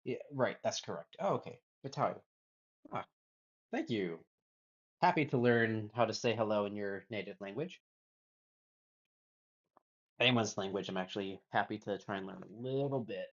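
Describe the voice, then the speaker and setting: A man's voice: fairly low pitch, normal speed, pauses often, lo-fi sound. A man streaming himself drawing, muttering to himself as he works and chatting with viewers. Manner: mutters to himself while working, then greets chat. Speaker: illustration livestreamer. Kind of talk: casual chat while drawing on stream.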